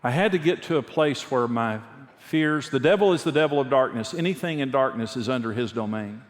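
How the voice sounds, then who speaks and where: This middle-aged pastor, who also teaches about marriage, has a mid-range, expressive voice and speaks fairly quickly. Preaching a sermon, he shares personal stories with candor and earnestness, frequently repeating a phrase for emphasis, and the recording carries a long hall reverb.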